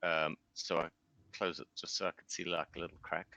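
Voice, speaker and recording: Very deep, gravelly man playing a tabletop game. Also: level tone, brisk, pushed and bright, no room sound. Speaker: player. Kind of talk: describing his character's moves in a tabletop game.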